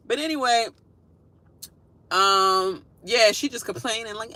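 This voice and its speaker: A woman's voice: fairly high pitch, animated, takes it slowly, long pauses, sharp tone, no echo. A woman giving a casual, sassy reaction rant, laughing often and mimicking people in whiny voices. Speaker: reality show commentator.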